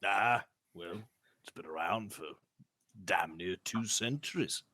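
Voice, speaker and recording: A man voicing a pompous old nobleman knight who booms his own titles. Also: takes it slowly, pushed and bright, no room sound, clean studio sound, exaggerated voice. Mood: grumbling. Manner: pompous, booming.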